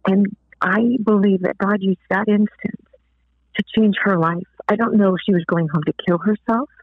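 A woman guest telling a faith story in an interview, animated, acting out the people she quotes. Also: medium pitch, moderate pace, no echo. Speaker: guest author. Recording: tinny phone line.

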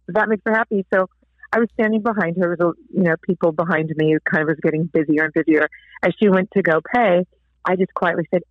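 A woman guest telling a faith story in an interview, animated, acting out the people she quotes. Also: lowish voice, brisk, no room sound. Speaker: guest author. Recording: tinny phone line.

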